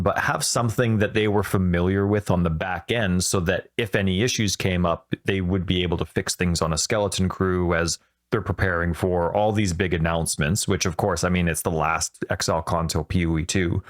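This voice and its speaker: A man hosting a gaming podcast, talking in a rambling, excitable way and often correcting himself mid-sentence. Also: low-pitched, brisk. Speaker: podcast host. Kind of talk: casual podcast chat.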